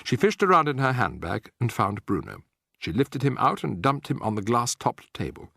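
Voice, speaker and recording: A man narrating an audiobook in an expressive, theatrical manner. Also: medium pitch, normal speed, gravelly, no echo, clean studio sound. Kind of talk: scripted narration.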